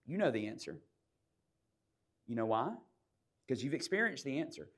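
A man preaching a sermon, telling a personal story in a conversational way that swings from hushed asides to loud bursts. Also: medium pitch, big pitch swings, moderate pace, pauses often, husky. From South Georgia, USA. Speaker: pastor.

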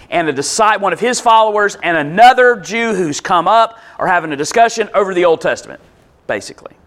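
A man's voice: sits high, sharp tone. A male pastor preaching a sermon in a conversational way, walking through a Bible passage and checking in with the congregation.

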